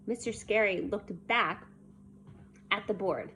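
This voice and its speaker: A woman reading a children's chapter book aloud in a lively, expressive way. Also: mid-range voice, takes it slowly, slight background noise. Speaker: storybook reader.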